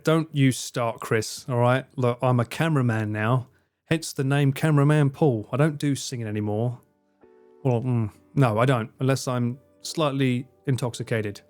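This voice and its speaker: A man's voice: mid-range voice, moderate pace, a little mellow, faint music behind. A man from Essex with an Essex accent, chatting casually on a live stream, self-deprecating and thanking viewers by name. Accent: Essex English. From Essex, England. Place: home in Japan.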